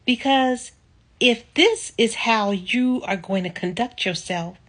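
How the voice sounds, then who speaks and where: A woman casually telling a personal story on her video channel, reflective and lively when she quotes people. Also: medium pitch, takes it slowly. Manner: reflective, animated when quoting others.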